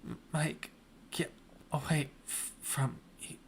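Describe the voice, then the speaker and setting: A man's voice: a little high, takes it slowly, vocal fry, husky, voice pushed up, heavily acted. A man voicing a dying young woman in a broken, stammering whisper. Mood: weak pleading.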